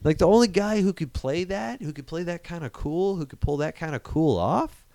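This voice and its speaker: Animated, profane man chatting. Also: a little high, moderate pace, vocal fry, no room sound. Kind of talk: casual chat.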